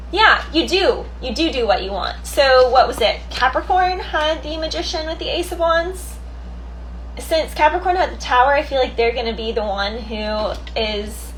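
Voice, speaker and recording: A woman's voice: fairly high pitch, fairly bright tone, a little hiss or hum, rough recording. Chatty woman reading tarot cards. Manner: chatty, thinks aloud, laughs easily. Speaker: tarot reader. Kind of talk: casual tarot card reading.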